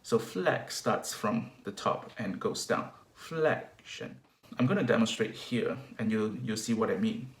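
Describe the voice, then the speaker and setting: A man's voice: fairly low pitch, animated, normal speed, few pauses, reverberant. A man from Malaysia giving a video lesson on singing diction, explaining step by step with hesitant restarts.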